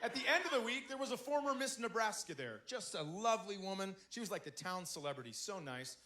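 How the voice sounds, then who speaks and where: A man's voice: high-pitched, very animated, quick pace. A middle-aged man telling a stand-up comedy story on a club stage, acting out the people in it. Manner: storytelling, acting out characters, loud punchlines. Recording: noisy live club recording.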